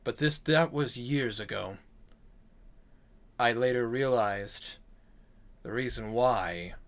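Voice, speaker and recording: A man's voice: medium pitch, slow. A man voicing a proud male veteran demon slayer who talks in a grim, boastful way.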